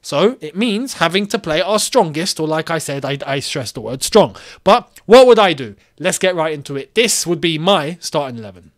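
A man hosting his own football channel, ranting in an animated, exasperated way and firing off rhetorical questions. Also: fairly high pitch, normal speed, few pauses. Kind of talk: solo football opinion vlog.

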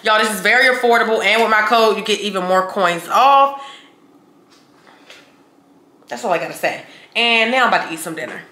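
A woman's voice: mid-range voice, fairly quick, long pauses, bright, forceful tone, slight background noise. A woman vlogging casually to her viewers, chatty and blunt, calling them y'all and cursing when annoyed. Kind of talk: casual vlog talk to camera.

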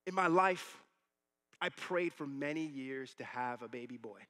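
A man's voice: medium pitch, unhurried. A man in his thirties preaching a sermon as pastor, telling stories and acting out the quoted voices. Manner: animated storytelling, acting out quotes.

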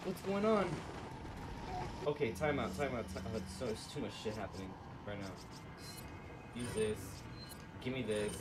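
A man giving casual let's play commentary on a horror game, excitable, swearing and yelling in panic. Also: medium pitch, normal speed, long pauses. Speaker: gaming video creator. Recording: distant mic under loud game noise.

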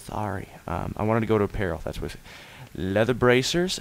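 Goofy, excitable young man gaming. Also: on the low side, a little fast, creaky, few pauses. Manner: excitable, goofy, swears freely, talks to viewers. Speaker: let's play host. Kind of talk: gameplay commentary.

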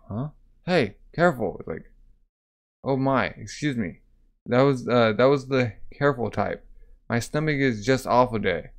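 A man's voice: medium pitch, lightly acted. Man voicing a brash young woman posing as a maid. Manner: bold, bossy, breezy.

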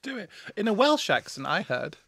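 Young guy cohosting, blunt sardonic quips, lively pitch, dry sound. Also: normal speed, creaky, slightly rough, no room sound. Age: 20s. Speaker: podcast co-host. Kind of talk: casual podcast chat.

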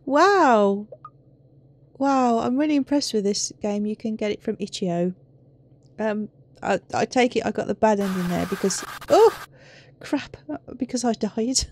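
A woman's voice: medium pitch, moderate pace, dark tone, slight background noise. Jumpy young woman playing a horror game. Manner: swearing, jumpy, exclamatory reactions. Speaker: let's play host. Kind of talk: game commentary.

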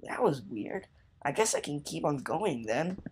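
A man's voice: on the high side, huge pitch swings, unhurried, creaky, heavy background noise. A man giving playful, rambling let's play commentary, joking around while playing a game. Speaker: gamer.

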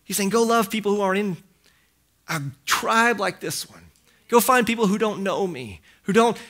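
A pastor with a high-pitched, slightly bright voice preaches at normal speed in a church hall. He's impassioned, acting out quoted dialogue and repeating phrases for emphasis.

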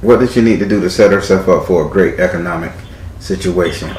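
Low-voiced man giving a cheeky tarot reading. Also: fairly quick, a little mellow, roomy sound, rough recording. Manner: theatrical, profane, teasing. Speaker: tarot reader.

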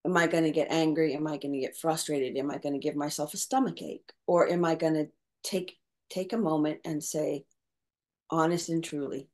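Reflective middle-aged woman, lowish voice. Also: steady tone, moderate pace, a little mellow. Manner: reflective, with many restarts and repeated words. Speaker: caregiver coach. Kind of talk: conversational interview talk.

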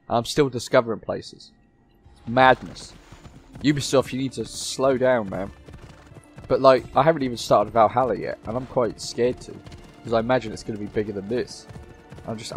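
Casual male gamer, excitable and profane, mid-pitched. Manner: joking, sweary, excitable. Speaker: gameplay YouTuber. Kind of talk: casual gameplay commentary.

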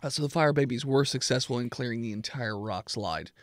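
A man narrating a tabletop game as dungeon master, with frequent ums and uhs, breaking into shouted character lines. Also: mid-range voice, a little fast, no room sound. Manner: animated, hesitant with fillers, shouts NPC lines.

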